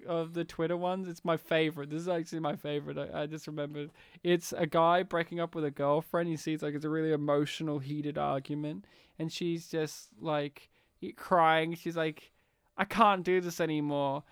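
Aussie podcast co-host, smooth voice, jokey and crude, dry close mic. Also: male voice, fairly high pitch, level tone, moderate pace, no echo. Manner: joking, swears freely, mock voices. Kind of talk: casual banter.

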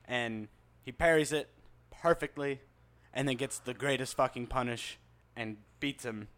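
On a casual video game podcast, a young male co-host with a medium-pitched voice rants animatedly but a little slowly, swearing plenty and cracking jokes.

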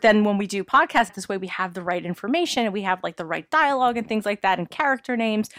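A woman's voice: mid-range voice, animated, fast talker, fairly bright tone, no echo, studio quality. A woman from New York co-hosting a podcast in casual chat, rambling and chatty, with lots of fillers. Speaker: podcast co-host.

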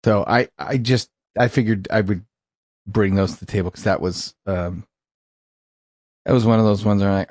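A man on a podcast, chatting casually with emphatic, lively reactions. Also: fairly low pitch, moderate pace, long pauses, no room sound, clean studio sound. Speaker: podcast co-host. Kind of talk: casual chat.

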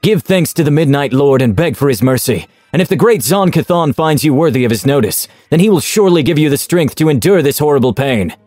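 A man's voice: a little high, expressive, a little fast, hardly any pauses, a little mellow, no echo, faint music behind, voice pushed up. Male narrator as a fanatical zealot of a cruel god, roaring prayers at a captive in a tabletop game story. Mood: fervent yelling. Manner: fervent preaching, raised voice.

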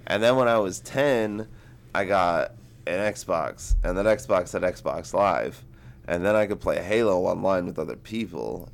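Young man, low voice, gravelly fry, rambling casual book chat. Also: lively intonation, a little slow. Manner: rambling, heavy use of "like". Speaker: book podcast co-host.

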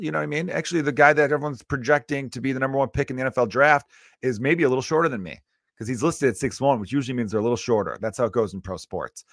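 A man's voice: medium pitch, no room sound, studio quality. A man, a comedian hosting his podcast, ranting casually with lots of swearing and asides. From Chicago area. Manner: profane, animated ranting with frequent asides.

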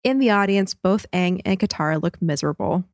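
A woman co-hosting a podcast, recapping an episode in a brisk, cheerful way. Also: fairly low pitch, expressive, a little mellow, no echo, studio quality. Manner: brisk recap, laughs easily. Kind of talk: casual chat and episode recap.

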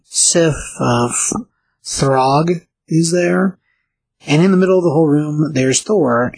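Husky guy going over a comic issue, lots of uhs, casual. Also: on the high side, darkish tone, poor audio. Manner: halting, many filler pauses. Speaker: comic book reviewer.

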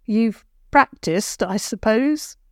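A woman voicing a gruff, blunt old village woman who grunts and speaks abruptly. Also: fairly high pitch, lively intonation, takes it slowly, no echo, clean studio sound, pitched above the performer's own voice. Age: older.

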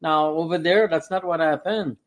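A man's voice: fairly high pitch, moderate pace. A middle-aged man from Canada with a French Canadian accent, a guest talking earnestly in a casual discussion. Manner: earnest, repeats himself for emphasis.

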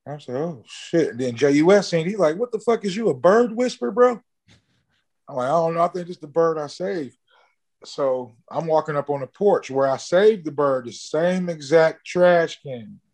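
A man in an interview, casually telling a long story, swearing freely and jumping high in pitch when he acts out what people said. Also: moderate pace, darkish tone. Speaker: interview guest, musician.

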